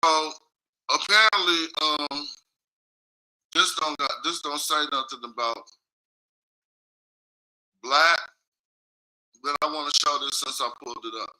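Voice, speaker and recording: A man's voice: a little high, steady tone, a little slow, long pauses, sharp tone, rough recording. A man streaming in casual talk, reading from his screen and explaining loosely while checking in with viewers. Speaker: streamer in a played clip.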